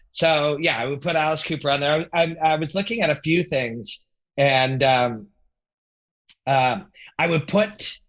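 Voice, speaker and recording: A middle-aged man, a podcast guest and former rock musician, telling stories in a casual, animated and profane way. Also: fairly high pitch, rough recording. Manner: animated, profane, acts out quoted voices. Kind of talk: casual storytelling.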